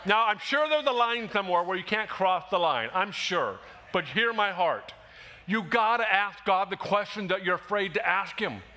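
A man preaching a sermon in a church, animated and conversational, acting out quick quotes as he goes. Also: sits high. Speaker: pastor. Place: church sanctuary.

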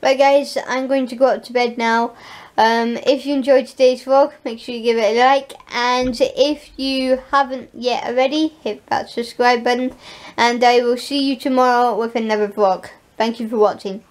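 High-voiced young woman vlogging. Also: fairly even intonation, normal speed, a little hiss or hum. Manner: talks sweetly to her pet, giggly, frightened asides. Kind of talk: casual vlog chat.

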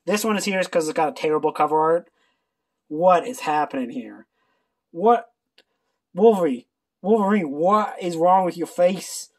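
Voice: medium pitch, normal speed, long pauses, husky. Sarcastic booktuber, rambling casual haul, swears freely. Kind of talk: casual book haul video.

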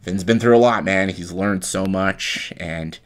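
A young man retelling a movie plot as a comedic pitch, breathless and profane, acting out lines and sound effects. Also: measured pace.

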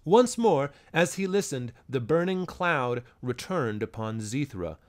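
A man narrating a fantasy story aloud in a measured, dramatic reading. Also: mid-range voice, big pitch swings, darkish tone. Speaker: audiobook narrator.

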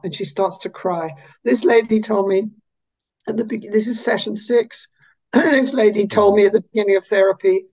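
A woman psychologist explaining her therapy in an interview, animated, sometimes dropping to a slow, soft, low voice to show how she talks to clients. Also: highs cut off. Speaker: psychologist and therapist, podcast guest.

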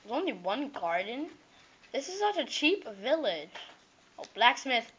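Woman gamer narrating her play, slow-paced and fairly high, chatty and excitable, dull lo-fi mic. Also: husky. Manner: chatty, excitable, jokey, with sing-song repetitions. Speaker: gameplay commentator. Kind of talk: casual game commentary.

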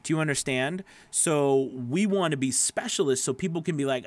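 A man's voice: a little high, normal speed, no room sound. A man, a voice actor, hosting a casual live stream, rambling with lots of fillers and restarts while answering viewer comments by name.

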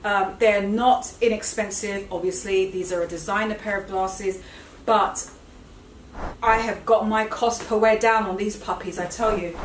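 A woman's voice: mid-range voice, steady tone, unhurried, a little hiss or hum. Chatty woman in a roomy room. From Britain. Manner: chatty and enthusiastic, often self-correcting. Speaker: fashion vlogger. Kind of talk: casual chat to camera. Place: indoors at home. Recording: roomy, slightly distant home recording.

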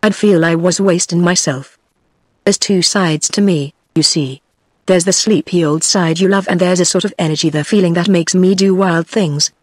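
A woman's voice: lowish voice, moderate pace, dry recording, clean studio sound. Synthetic British woman voicing a restless young Southern belle. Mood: wistful. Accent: British English. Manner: flat synthetic delivery. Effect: text-to-speech voice.

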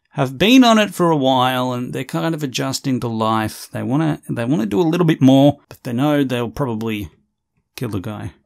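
A man giving loud, sarcastic, swear-filled reaction commentary on a video. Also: mid-range voice, gravelly. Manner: brash, sarcastic, swears constantly.

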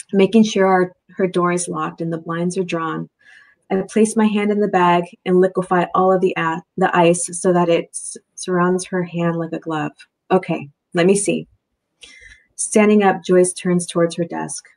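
A woman's voice: lowish voice, a little mellow. A woman author reading from her novel and then answering questions in a chatty way, laughing often, over a video call. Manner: chatty, laughs often, full of fillers and restarts.

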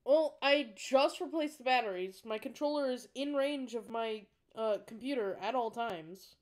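A woman's voice: a little high, normal speed, a little mellow. A woman streamer chatting casually with a friend while playing a game, giggling often and shrieking when she gets scared. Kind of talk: casual gaming chat with a friend.

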